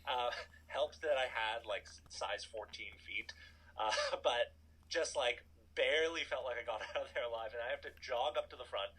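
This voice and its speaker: A man in his thirties telling a personal story in a casual, animated way, full of "like" and asides. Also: mid-range voice, moderate pace, slightly rough, poor audio. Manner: animated, chatty, filler-heavy "like". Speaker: storytelling guest.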